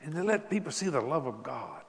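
An older man from South Louisiana with a Cajun accent, preaching a folksy storytelling sermon, animated and laughing as he tells stories. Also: mid-range voice, brisk, big-room sound. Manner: animated, laughing, Southern drawl, rising to exclamations.

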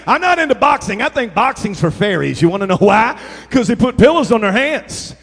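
High-voiced preacher in an echoey hall. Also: male voice, brisk, creaky, husky. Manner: energetic storytelling with call-and-response to the crowd. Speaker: pastor. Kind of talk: sermon. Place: church sanctuary.

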